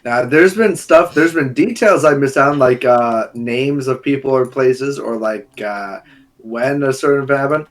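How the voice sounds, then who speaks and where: A man's voice: medium pitch, normal speed. A young man in casual podcast chat, cocky and insistent, teasing his co-host while they argue.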